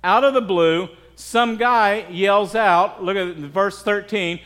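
American male pastor, high pitch, casual preaching, keeps asking the room "right?". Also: takes it slowly, a bit bright. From United States. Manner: conversational, asks the crowd "right?" often. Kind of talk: sermon.

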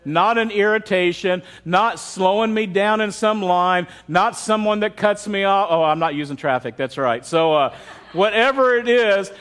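High-voiced pastor preaching with humor. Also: male voice, moderate pace, a bit bright, clear, resonant tone. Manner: candid, humorous storytelling. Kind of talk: sermon.

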